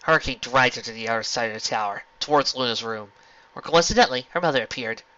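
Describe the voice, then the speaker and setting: A man reading a fan fiction story aloud with expressive narration. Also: medium pitch, fast, heavy background noise. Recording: lo-fi home recording.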